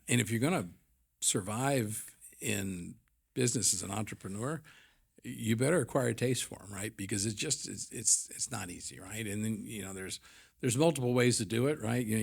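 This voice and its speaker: Casting: middle-aged man, low gravelly husky voice, rambling blunt storyteller with lots of fillers. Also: moderate pace. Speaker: podcast guest, business owner. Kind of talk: candid conversational storytelling.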